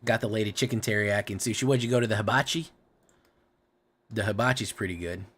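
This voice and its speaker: A man's voice: on the low side, fast talker, fairly bright tone, husky. A man streaming a card game, thinking aloud about his plays and swearing at his bad draws. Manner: profane, exasperated running commentary on his own plays. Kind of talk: casual live gameplay commentary.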